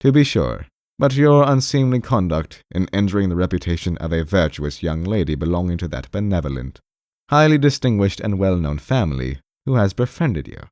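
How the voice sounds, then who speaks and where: A man's voice: low-pitched, expressive, brisk, a little mellow, dry recording, studio quality. A man doing a stern, reproving official. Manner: stern, emphatic. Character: stern older male official, curt and reproving.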